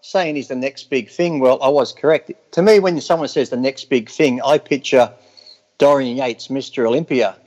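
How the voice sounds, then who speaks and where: Deadpan, sarcastic English man. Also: mid-range voice, normal speed, muffled recording. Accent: English, long time in Australia. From England. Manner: dry, deadpan and sarcastic, swears freely. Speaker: bodybuilder guest. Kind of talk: casual podcast interview.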